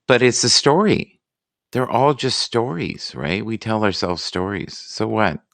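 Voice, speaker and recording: Man, very deep voice, dry close sound, casual live chat host, musing, self-deprecating. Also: expressive, vocal fry, a bit bright, no room sound. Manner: musing, self-deprecating, reads out sayings slowly.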